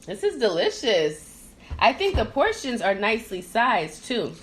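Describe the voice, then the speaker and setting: A woman's voice: on the high side, very animated, unhurried. A woman who grew up in Trinidad, hosting a casual podcast while eating and chatting, laughing easily and talking with her mouth full. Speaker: podcast host.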